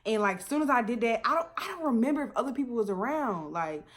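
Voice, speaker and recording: A young woman vlogger telling a story in a casual, animated way, laughing often and swearing freely. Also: a little high, quick pace.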